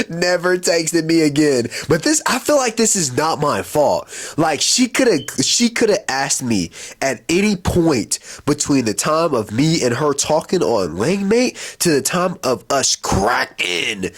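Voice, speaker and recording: Animated young man telling a story. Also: fairly high pitch, moderate pace. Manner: slangy, animated, laughs while telling stories. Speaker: vlogger. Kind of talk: casual storytelling.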